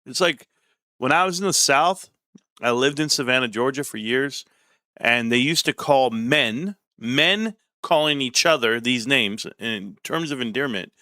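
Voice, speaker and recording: A man from California ranting casually on a livestream, animated and sarcastic, with frequent swearing. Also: mid-range voice, a little slow, dry recording, studio quality. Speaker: stock market streamer.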